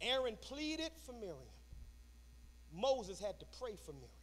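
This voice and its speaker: A man preaching a sermon, shouting in a sing-song cadence in a church sanctuary. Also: very high-pitched, sing-song, unhurried, slight background noise. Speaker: pastor.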